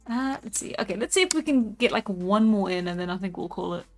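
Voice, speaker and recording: A young woman from South Africa chatting casually on a live stream while she draws, relaxed and quick to laugh, with plenty of fillers. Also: mid-range voice. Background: soft background music.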